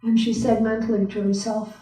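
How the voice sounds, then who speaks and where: A woman pastor telling a story in a sermon, slow and expressive, acting out the people in it. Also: fairly high pitch. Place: church sanctuary. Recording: echoey church room from a distant mic.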